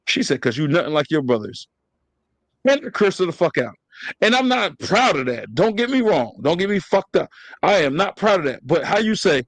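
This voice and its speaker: A man's voice: high-pitched, very animated, normal speed, dry recording. A man on a podcast talking openly and emotionally, swearing often and cutting in on others. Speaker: podcast co-host. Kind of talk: candid podcast chat.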